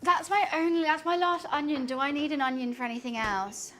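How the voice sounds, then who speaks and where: Woman, young adult, high voice, chatty streamer, self-mocking, cooking in a home kitchen, faint background noise. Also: brisk, sharp tone. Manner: chatty, self-mocking, laughs often between lines. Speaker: live streamer. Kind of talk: casual chat to a live stream audience while cooking.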